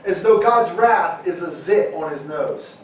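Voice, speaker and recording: A middle-aged man preaching a sermon, emphatic, at times shouting and acting out quoted objections. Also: high voice, lively intonation, a little slow. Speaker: pastor. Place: church hall. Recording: very echoey hall from far off.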